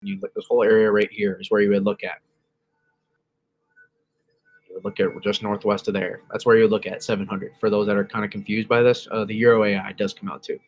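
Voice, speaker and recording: Man, lowish voice, casual weather stream host, rambling, self-correcting. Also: flat delivery, fairly quick. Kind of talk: casual livestream weather analysis.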